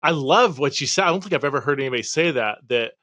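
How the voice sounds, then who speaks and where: A man's voice: medium pitch, animated, fast, pushed and bright, no echo. A man hosting a podcast interview, thoughtful and a little hesitant as he asks questions. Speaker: podcast host.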